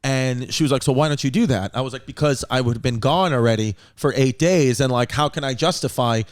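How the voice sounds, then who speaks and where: A man's voice: mid-range voice, a little fast. A man hosting a comedy podcast, telling long rambling stories in casual chat and quoting others along the way. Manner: rambling storyteller, quotes his mother. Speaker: podcast host.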